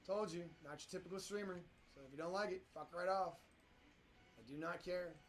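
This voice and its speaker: A man streaming live who swears constantly and talks at his software, frustrated as he works. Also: high-pitched, brisk. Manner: profane, frustrated, talks at the program. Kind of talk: live-stream commentary while working in software.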